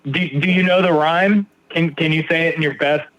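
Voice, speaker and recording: Male podcast host, somewhat high voice, casual joker, loose questioner. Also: fairly even intonation, fairly quick, highs cut off, noisy background. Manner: friendly, joking, filler-heavy questions. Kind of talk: casual interview talk.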